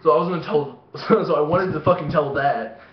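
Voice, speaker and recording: A man's voice: a little high, fairly quick. A man telling rambling, profane stories to the camera, often laughing at his own tales. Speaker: vlogger. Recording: echoey room, dull lo-fi sound.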